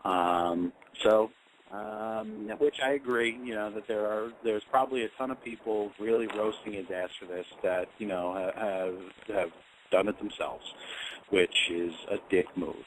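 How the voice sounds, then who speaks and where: A man's voice: on the low side, animated, measured pace, slight background noise, poor audio. A man co-hosting an internet radio talk show in casual chat, hesitant and full of ums and you-knows.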